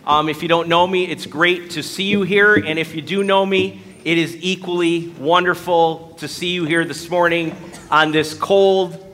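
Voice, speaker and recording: A man's voice: a little high, pushed and bright. A man in his thirties, a pastor preaching a sermon to his congregation in an earnest, conversational way, often asking them questions. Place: church sanctuary. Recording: long hall reverb.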